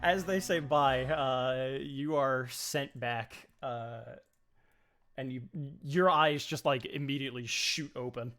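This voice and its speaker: A man's voice: medium pitch, takes it slowly, fairly bright tone. Rambling game master man, music behind. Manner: rambling, hesitant, many restarts. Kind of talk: narrating and voicing a tabletop game.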